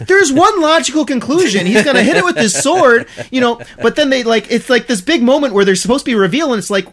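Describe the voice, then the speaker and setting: A podcast co-host in casual chat, ranting in an animated, exasperated way and laughing as they talk. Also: quick pace, few pauses. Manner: animated, exasperated ranting with big pitch swings; laughs while talking.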